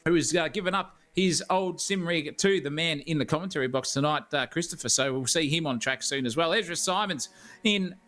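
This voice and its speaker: Australian man, co-commentator, rambling and jokey, slightly high voice. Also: a little fast, a bit bright. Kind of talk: live esports commentary.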